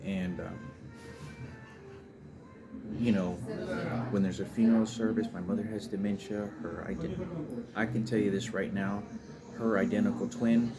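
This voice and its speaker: A man's voice: fairly low pitch, unhurried, long pauses, over loud music. A man telling a rambling, emotional personal story about his family, with many restarts and fillers. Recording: noisy background ambience.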